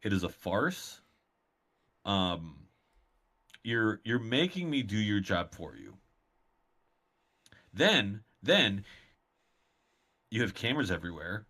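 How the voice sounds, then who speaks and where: A man's voice: lowish voice, sharp tone. A man co-hosting a casual chat podcast, ranting in an exasperated way. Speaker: podcast co-host.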